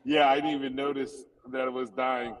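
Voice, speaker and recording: A man in casual conversation, telling a funny personal story with lively laughter, heard from a distant phone. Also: medium pitch, fairly quick. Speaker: comedian guest. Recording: distant phone audio with crowd noise. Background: crowd chatter at a cookout.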